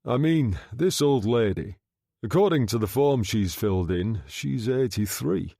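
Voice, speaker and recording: A man voicing a smooth-talking gangster undertaker who speaks low, soft and quietly threatening, in an audiobook reading. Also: lively intonation, a little slow, no room sound, clean studio sound. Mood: menacing.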